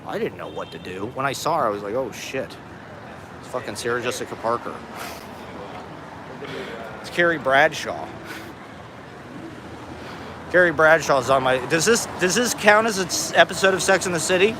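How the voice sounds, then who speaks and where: A man's voice: on the high side, big pitch swings, normal speed. A stoned man live streaming from a city street on a phone, rambling and swearing, laughing often. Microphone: phone on a selfie stick. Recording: busy street traffic noise. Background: city traffic.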